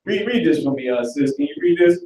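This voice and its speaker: Animated male teacher, echoey and distant. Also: a little high, a little fast. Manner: animated, talkative, works through the screen aloud. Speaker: Hebrew class teacher. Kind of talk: casual online class lecture. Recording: roomy recording from far off the mic.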